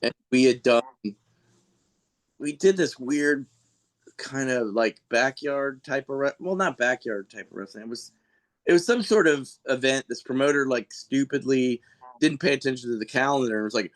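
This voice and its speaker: A man guest on a podcast, telling long, rambling stories in casual chat with lots of restarts and fillers. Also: normal speed. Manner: jumps into high, animated voices when quoting people. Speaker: podcast guest, costume and effects artist for a shock rock band.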